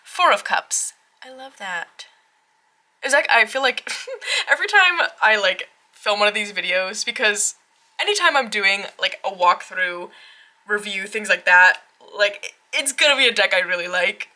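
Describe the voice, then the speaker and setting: A woman gushing through a casual tarot deck walkthrough at home, excitable, with frequent gasps and fillers. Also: medium pitch, a little slow. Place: home tarot room, rain outside.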